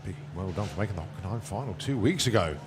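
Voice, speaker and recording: Deep, lively race commentator. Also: male voice, quick pace, noisy background. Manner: dry, joking. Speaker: drag racing commentator. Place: commentary tower at a racetrack.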